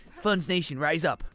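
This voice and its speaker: A game streamer with a voice on the high side chats and jokes casually with his chat while playing on a livestream. He swings between loud outbursts and mumbled asides.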